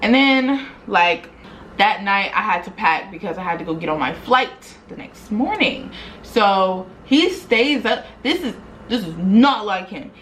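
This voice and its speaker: A young woman vlogger retelling a story in a casual, animated, slangy way, acting out quoted dialogue. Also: medium pitch, unhurried, a little hiss or hum, poor audio.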